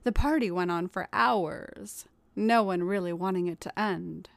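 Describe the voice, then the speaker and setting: A woman narrating a scripted story in a calm, even reading voice with occasional hushed asides. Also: fairly low pitch, a little slow, vocal fry, no echo.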